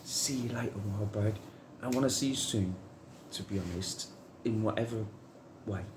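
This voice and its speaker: A man's voice: lowish voice, moderate pace, roomy sound, background noise. A man giving a rambling, heartfelt spiritual monologue to camera, musing on love and trust.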